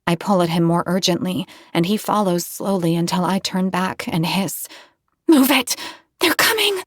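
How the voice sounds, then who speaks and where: A woman's voice: on the low side, flat delivery, moderate pace, dry recording, clean studio sound. A woman reading a novel aloud in first person, with tense, dramatic storytelling. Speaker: audiobook narrator.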